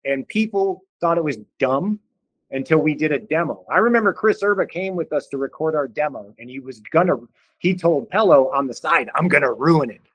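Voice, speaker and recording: A man from Cleveland talks as a podcast guest, casual and animated. He acts out what others said in quick put-on voices and swears easily. His voice is bright, a bit tense and set slightly high, recorded close and dry. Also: dry recording, rough recording. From Cleveland, Ohio. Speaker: podcast guest, band vocalist. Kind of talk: casual storytelling in conversation.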